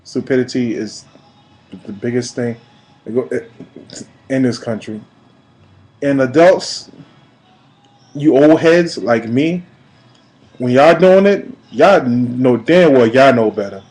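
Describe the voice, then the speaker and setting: A man in his late thirties from New York, giving an emphatic, preachy personal video message that swings between quiet and loud. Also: medium pitch, slow pace, long pauses, rough recording. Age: 30s. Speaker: vlogger.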